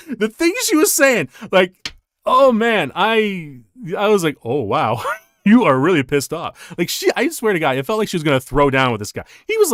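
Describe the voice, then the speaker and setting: A male streamer telling stories in casual chat while playing a game, rambling and animated, laughing often. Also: on the high side, no echo, studio quality.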